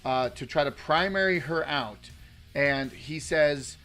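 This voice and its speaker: A political livestream host with a slightly high, bright, forceful voice speaks slowly, with faint music playing behind him. He rambles casually and chats with viewers, using plenty of fillers and restarts.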